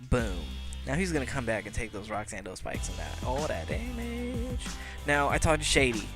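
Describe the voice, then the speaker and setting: A man giving casual, joking commentary on his game, brash and hyped-up, now and then shouting. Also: medium pitch, expressive, fairly quick, music in the background. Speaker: Pokémon league player and video commentator.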